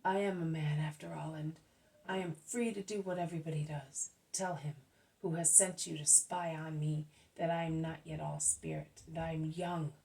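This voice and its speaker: A woman reading aloud voices a rude, defiant young man who has been drinking, dropping her voice lower for him. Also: fairly even intonation, moderate pace, vocal fry, mellow, distant mic. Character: drunk, surly young man apostle, defensive.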